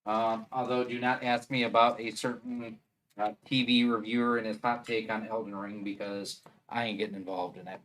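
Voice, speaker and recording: A man's voice: lowish voice, flat delivery, moderate pace, fairly bright tone, a little hiss or hum. A man with a Wisconsin accent chatting casually on a live stream, rambling and thinking aloud as he assembles a 3D printer.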